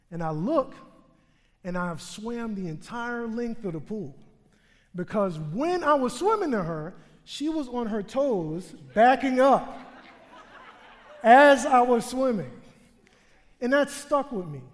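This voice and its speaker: A man's voice: high voice, expressive, normal speed. A man telling a humorous, self-mocking story live on a theater stage to an audience. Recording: long theater hall reverb.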